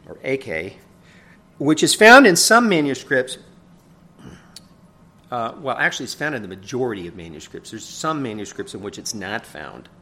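A pastor delivering a sermon in a conversational teaching manner. He often asks "right?", rises loud for emphasis and then drops soft. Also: medium pitch.

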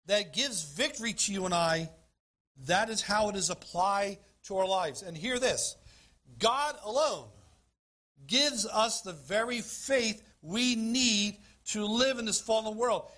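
Guy preaching a sermon, kinda high voice, bright and forceful, keeps clearing his throat. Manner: emphatic preaching, reading scripture aloud. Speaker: pastor.

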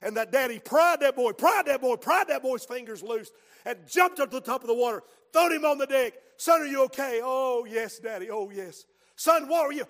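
A male preacher delivering a sermon, moving from hushed storytelling to shouted calls to the congregation. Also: very high voice, expressive, a little fast. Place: church sanctuary. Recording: long hall reverb.

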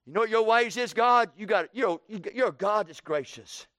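Bitter grumbling prophet guy, smooth high voice, dry sound, a preacher putting him on. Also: animated, moderate pace, fairly bright tone, dry recording. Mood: resentful. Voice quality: indignant, emphatic complaining. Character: bitter, resentful male biblical prophet.

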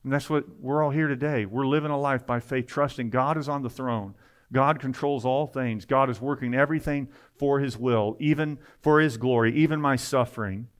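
A man's voice: mid-range voice, fairly even intonation. Fervent male preacher. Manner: rising to loud, fervent emphasis, with quick asides. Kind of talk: sermon.

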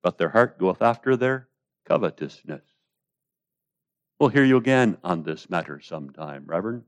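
Preacher acting out a smug churchgoer, fake-polite praise, then flat and dismissive. Casting note: quoted voice inside a sermon. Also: male voice, sits low, moderate pace, no echo. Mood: mock praise.

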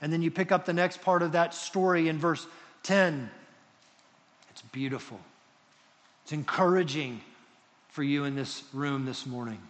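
Expressive preacher in an echoing hall. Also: male voice, on the high side, unhurried, long pauses. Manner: expressive, swings between loud emphasis and hushed tones. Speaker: pastor. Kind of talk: sermon. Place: church hall with congregation.

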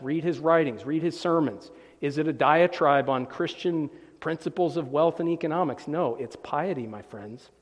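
A man's voice: a little high, a little mellow, big-room sound. A man preaching a polemical sermon, emphatic and sarcastic, repeating phrases for emphasis.

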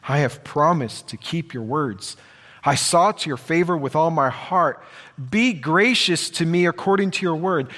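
A man's voice: a little high, lively intonation, a little slow, a bit bright. A man preaching a sermon in an earnest way, repeating phrases for emphasis. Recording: long hall reverb.

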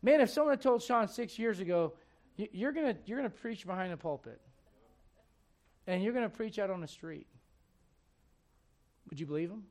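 A man in his forties, a pastor preaching a sermon in a church with joking, animated storytelling. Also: high-pitched, normal speed, long pauses. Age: 40s.

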